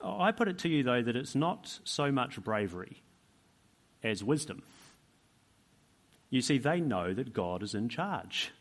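A man's voice: medium pitch, big pitch swings, measured pace, long pauses. A man preaching a sermon, emphatic, asking rhetorical questions and repeating key phrases for weight.

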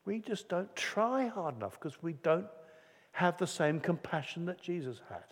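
A man's voice: sits high, big pitch swings, normal speed, slightly rough. A man preaching a sermon in an earnest, conversational way, acting out quotes as he goes. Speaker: pastor. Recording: long hall reverb.

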